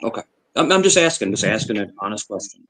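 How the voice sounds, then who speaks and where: A man's voice: fairly low pitch, big pitch swings, fast, a bit bright, low-quality recording. A man on a live stream chat asking probing questions, often restarting and repeating himself.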